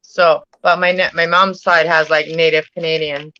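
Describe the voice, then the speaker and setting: A woman's voice: sits low, level tone, normal speed, pushed and bright. A woman hosting a live stream, chatting casually and laughing often. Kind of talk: casual chat. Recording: dull lo-fi dry sound.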